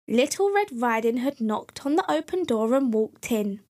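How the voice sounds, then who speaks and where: Slow-reading woman storyteller. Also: fairly high pitch, expressive, a little mellow.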